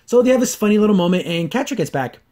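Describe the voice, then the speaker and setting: A man hosts a laid-back solo review of a cartoon episode, sitting high in pitch and racing along. He rambles, restarts often, leans on fillers, and performs the characters' lines in lively voices.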